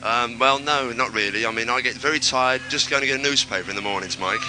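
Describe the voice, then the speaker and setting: A man's voice: medium pitch, fast talker, poor audio. A man compering a live outdoor stage show on local radio, joking and teasing the crowd and calling out to them. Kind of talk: live outside broadcast compering. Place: outdoor stage in a town centre. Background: music playing.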